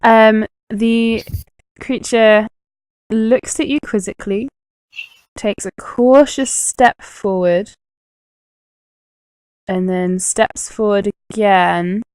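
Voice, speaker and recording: A woman's voice: mid-range voice, smooth, dry recording, poor audio. A woman narrating a tabletop game as game master, descriptive and full of hesitant fillers.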